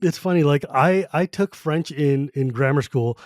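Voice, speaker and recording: A man's voice: on the high side, moderate pace, a little mellow, dry recording. A man hosting a podcast, chatting casually and telling laughing anecdotes. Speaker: podcast host.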